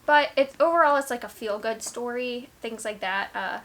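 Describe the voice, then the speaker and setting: At home, a young woman talks casually to camera about her books, rambling with lots of "like" and restarts that trail off. Her voice is a little high and a bit bright, at a normal speed.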